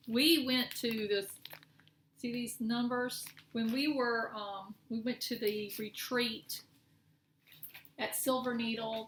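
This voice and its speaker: Chatty woman with a bright gravelly voice. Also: on the high side. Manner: chatty, rambling, self-correcting. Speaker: cross-stitch vlogger. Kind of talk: casual show-and-tell chat. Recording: echoey room with faint noise.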